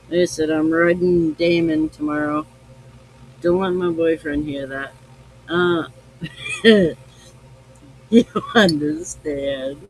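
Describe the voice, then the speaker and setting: A man's voice: on the high side, slight background noise, low-quality recording. A tipsy man hosting a live podcast, rambling, swearing freely and affectionate. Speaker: podcast host. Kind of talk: casual live-stream chat.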